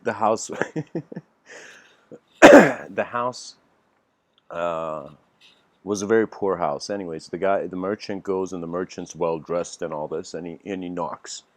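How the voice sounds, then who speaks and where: A low-pitched man delivers a laid-back spiritual lecture over a home livestream mic with no echo, telling a story that rambles with many fillers and restarts.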